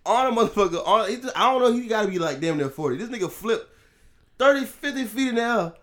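A man's voice: high voice, expressive, fast talker, fairly bright tone. A man talking in a loose, profane, casual chat, laughing often.

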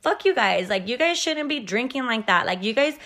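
Her voice sits fairly high, bright and pushed, with lively intonation and a fairly quick pace. She's a podcast host spinning a casual, profanity-laced yarn, dropping "like" again and again.

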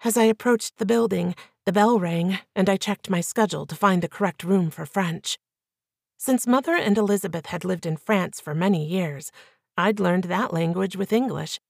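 A woman reading a first-person novel aloud as an audiobook narrator with clear, even storytelling. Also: mid-range voice, moderate pace, no room sound, clean studio sound.

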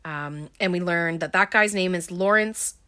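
A woman's voice: lowish voice, a little slow, pushed and bright. A woman casually recapping a movie plot, chatty and filled with ums and likes, with wry offhand asides. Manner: chatty, heavy on filler words.

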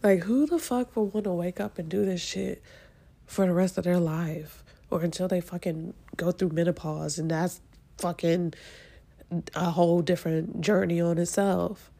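A woman hosting her own podcast pours out her frustration while close to tears. Her congested voice is dark and mellow with a steady gravelly fry. She talks in halting bursts full of swearing and restarts. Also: fairly low pitch. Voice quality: congested from sinus trouble. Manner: halting, profane and frustrated, with many restarts and trailing pauses. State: near tears. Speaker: podcast host. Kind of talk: emotional solo podcast venting.

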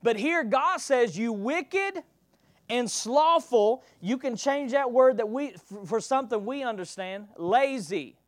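A man preaching a sermon, reading scripture aloud and expounding it, calling on the congregation to respond and swinging between loud declaiming and soft asides. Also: very high voice, expressive, moderate pace, few pauses, dry recording, studio quality.

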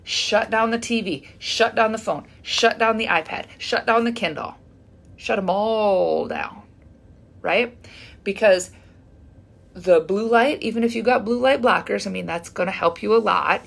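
A woman's voice: mid-range voice, a little slow. A woman in her fifties, a fitness coach, giving casual advice straight to her listeners in a chatty way, often checking in with "right?". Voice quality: gravelly and husky. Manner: chatty, keeps asking "right?". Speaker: fitness coach and menopause community host. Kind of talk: casual advice talk to camera.

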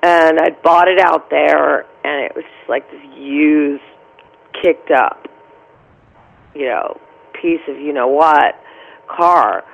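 A gravelly-voiced woman telling a vivid story. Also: low voice, slow pace, pauses often, highs cut off. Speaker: actress guest. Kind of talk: storytelling interview answer.

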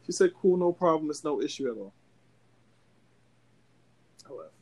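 A man's voice: on the high side, normal speed. A young man on a podcast telling a long story in casual chat, cursing a lot and acting out every voice in it. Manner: animated, profane, acts out both sides of a story. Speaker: podcast co-host.

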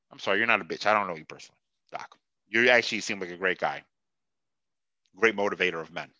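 Sarcastic, bright-voiced ranting man. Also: medium pitch, sing-song, fast, no room sound. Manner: profane, sarcastic, mocking, laughs at himself. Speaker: podcast host. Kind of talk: heated sports podcast rant.

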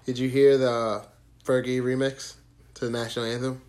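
A man co-hosting a podcast talks in a loose, rambling way, joking and swearing as he tells a story. His voice sits at an ordinary middle pitch for a man. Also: level tone, normal speed, darkish tone. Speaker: podcast co-host. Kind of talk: casual chat.

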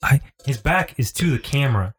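A man's voice: medium pitch, expressive, a little fast, a bit bright, husky. A man co-hosting a casual podcast, rambling and swearing casually. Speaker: podcast co-host.

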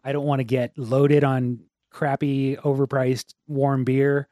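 A man's voice: medium pitch, little pitch movement, slow, mellow, no echo. A man co-hosting a podcast, chatting casually and trading dry, grumpy quips. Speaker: podcast co-host. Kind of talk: casual chat.

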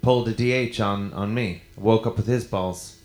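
A man telling an improvised comic story in a halting, deadpan way, full of fillers and restarts. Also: on the low side, reverberant. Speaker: improv guest in character.

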